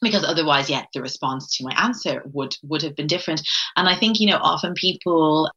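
A woman with a Dublin accent speaks in a low, bright and forceful voice. She talks reflectively in a relaxed interview, thinking aloud with fillers and restarts. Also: brisk, highs cut off. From Ireland. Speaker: guest, writer and academic. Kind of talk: casual interview conversation.

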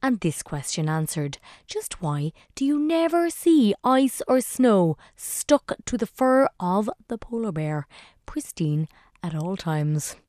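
A woman presenting a radio show in a relaxed, chatty way. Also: medium pitch, takes it slowly, dry recording, studio quality.

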